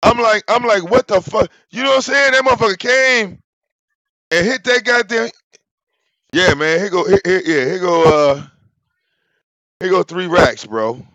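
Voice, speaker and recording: A man, telling a story casually to his audience. He talks in an animated, profane way, often repeating words and restarting his sentences. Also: sits high, moderate pace, pauses often, no room sound. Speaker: channel host.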